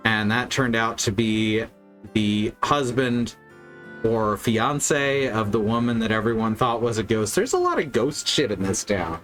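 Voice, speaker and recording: A man's voice: mid-range voice, a bit bright. Guy streaming a game, rambling and swearing, wry jokes, faint music behind. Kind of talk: casual gameplay chat.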